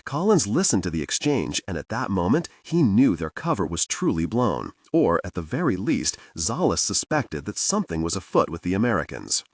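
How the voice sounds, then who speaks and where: A man narrating a thriller audiobook in a measured storytelling manner. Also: low-pitched, very animated, breathy edge, no room sound. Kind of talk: scripted narration. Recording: dry, distant-miked.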